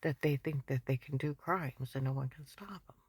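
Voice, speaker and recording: A woman telling a rambling personal story in an agitated, repetitive way, often dropping to a breathy whisper. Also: a bass voice, moderate pace, darkish tone, no echo.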